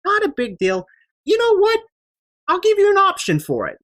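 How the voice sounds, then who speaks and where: A woman's voice: very high-pitched, wildly swooping pitch, normal speed, pitched above the performer's own voice, full character voice. A game master voicing a brash, swearing old female alchemist who cackles as she bargains. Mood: bargaining.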